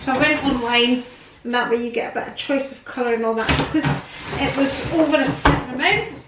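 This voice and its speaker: Lady vlogger rambling away at home, high voice, laughs a lot, bit of faint noise. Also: brisk. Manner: chatty, rambling, laughs often. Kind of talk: casual chat to camera. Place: at home, indoors.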